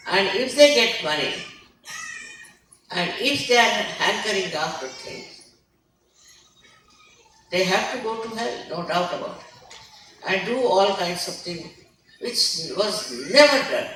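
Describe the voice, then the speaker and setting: A woman's voice: mid-range voice, expressive, slow pace, pauses often, fairly bright tone, slight background noise. A woman giving an emphatic sermon as a spiritual teacher, scolding and asking rhetorical questions. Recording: echoey hall recording from far off.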